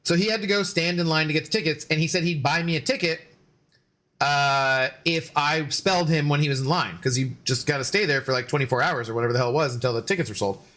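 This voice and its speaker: A man's voice: a little high, quick pace, fairly bright tone. A man in his forties streaming a game and rambling through stories in casual chat, loose with fillers and swearing.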